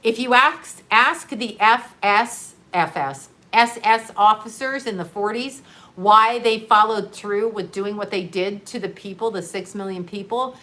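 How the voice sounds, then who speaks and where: A woman talking casually on a live stream, animated and sarcastic, often breaking into laughter. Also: medium pitch, a little slow.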